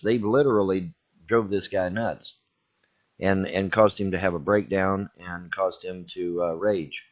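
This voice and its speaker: A man giving an indignant, repetitive ranting commentary as a video host. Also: lowish voice. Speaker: YouTube commentator. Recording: dull lo-fi recording.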